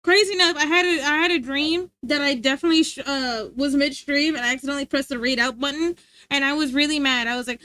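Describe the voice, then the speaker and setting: A woman's voice: high voice, fairly even intonation, fast, sharp tone, dry recording. A woman streamer chatting casually and playfully with her live chat, laughing often.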